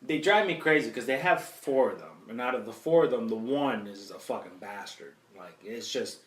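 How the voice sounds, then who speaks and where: A man's voice: medium pitch, lively intonation, normal speed. A man in his thirties, a podcast host, telling a profane story in casual chat. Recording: echoey room, mic at a distance.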